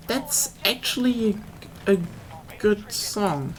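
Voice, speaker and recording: A woman's voice: fairly low pitch, measured pace. A young woman with a German accent, chatting casually and rambling on a live stream, swearing now and then.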